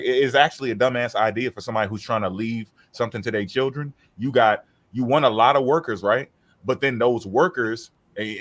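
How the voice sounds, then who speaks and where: Brief: male podcast co-host, casual and profane, lively storyteller who plays out quotes. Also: mid-range voice. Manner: animated, profane, acts out quoted voices. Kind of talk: casual chat.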